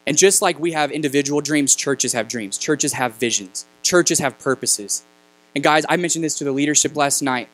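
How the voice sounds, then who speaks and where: A man in his thirties preaching as a guest speaker, telling a personal story in a halting, conversational way that turns emotional. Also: mid-range voice, poor audio. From New Mexico. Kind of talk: storytelling sermon. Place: church sanctuary.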